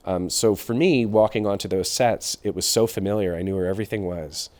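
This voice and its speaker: A film director answers interview questions in a reflective manner, often pausing on fillers. His voice is a little lower than average. He sounds thoughtful and measured. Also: a little mellow.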